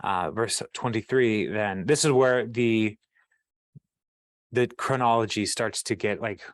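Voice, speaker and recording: A man's voice: on the low side, takes it slowly, no room sound. Chatty man reading scripture, dry sound. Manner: chatty, laughs often, wanders off-topic. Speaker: Bible study host. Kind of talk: casual scripture reading with commentary.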